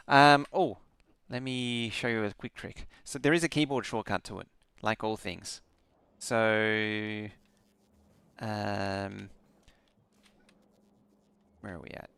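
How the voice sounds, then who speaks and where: Streamer, young man, low gravelly voice, sleepy and rambling. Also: fairly even intonation, moderate pace, fairly bright tone, no room sound. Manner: rambling, with frequent ums. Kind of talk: casual gameplay stream commentary.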